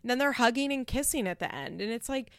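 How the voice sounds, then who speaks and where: A woman's voice: fairly high pitch, expressive, fast, fairly bright tone, smooth, no echo. A woman giving her casual opinions on a reality show, talking frankly with lots of fillers and restarts. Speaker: reality TV commentator.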